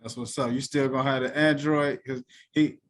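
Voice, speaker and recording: A man's voice: mid-range voice, steady tone, moderate pace, a bit bright, a little hiss or hum. A man hosting a podcast, chatting casually and teasing his guest with jokes. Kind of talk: casual chat.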